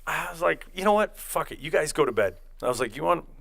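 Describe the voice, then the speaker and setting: A man's voice: fairly high pitch, fast talker, vocal fry. A young man casually telling a long, profane story on a podcast, acting out quotes as he rambles. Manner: rambling, profane, animated retelling with acted-out quotes.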